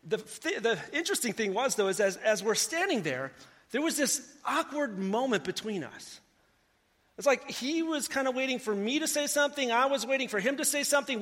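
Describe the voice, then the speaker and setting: A man's voice: very high voice, a bit bright, long reverb tail. A man preaching a sermon in a conversational, storytelling way, talking directly to his congregation. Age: adult. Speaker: pastor.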